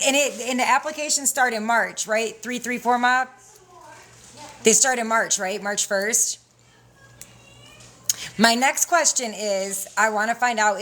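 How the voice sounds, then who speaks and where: In a mid-range, somewhat bright voice, a young woman runs a casual livestream selling credit classes. She's profane and direct, breaking into laughter often.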